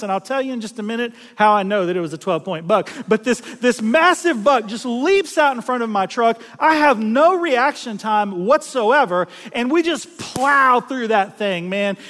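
A middle-aged man from South Louisiana, preaching a storytelling sermon in a folksy, animated way, acting out voices and laughing at himself. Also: very high voice, long reverb tail.

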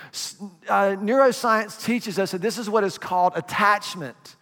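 A man's voice: sits high, moderate pace, sharp tone, big-room sound. A man preaching a sermon as pastor, talking in a conversational way and asking the congregation questions.

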